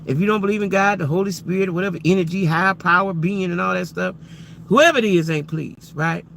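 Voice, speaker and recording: Man on a livestream talking to chat, high bright voice, keeps repeating himself and asking y'all questions. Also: a little fast, vocal fry, slight background noise. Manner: repetitive, emphatic, addresses viewers directly; frequent rhetorical questions. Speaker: livestream host. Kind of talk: casual live-stream commentary to chat.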